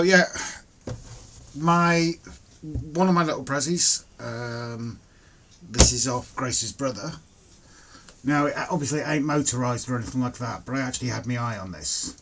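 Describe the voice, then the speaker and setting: A man hosts a casual livestream from home. He talks in a middle-range voice, greeting viewers by name. The recording carries a faint hiss and the odd click. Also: medium pitch. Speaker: livestream host. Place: home, indoors.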